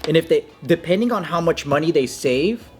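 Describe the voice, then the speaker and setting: A man's voice: fairly high pitch, animated, brisk, a little mellow, faint music behind. A man co-hosting a podcast in casual chat, joking and bantering. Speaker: podcast co-host.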